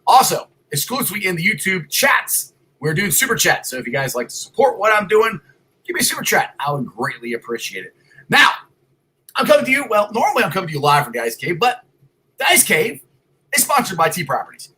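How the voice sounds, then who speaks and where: A man hosting a casual sports talk show from a home computer, loud and excitable, rambling with restarts. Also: sits high, a little fast, slightly rough, rough recording. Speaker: podcast host. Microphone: computer mic.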